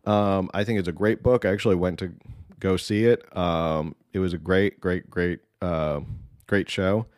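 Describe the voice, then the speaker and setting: A man with a lowish voice, recorded dry and close with no room sound. He talks through politics in a loose, rambling, opinionated way, full of ums and restarts. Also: fairly even intonation, normal speed, darkish tone, no echo. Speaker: political commentator. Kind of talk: casual political commentary.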